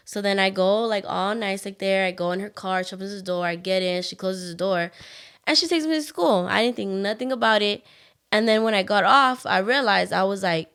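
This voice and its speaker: A woman's voice: medium pitch, brisk, a bit bright, smooth. A young woman co-hosting a podcast, telling a personal story in casual chat with many fillers and acted-out quotes. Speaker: podcast co-host.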